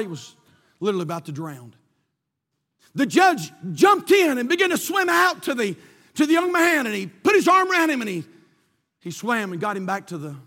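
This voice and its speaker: High, bright-voiced fervent preacher. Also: male voice. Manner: fervent, builds to shouting. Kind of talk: sermon with storytelling. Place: church sanctuary. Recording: long hall reverb.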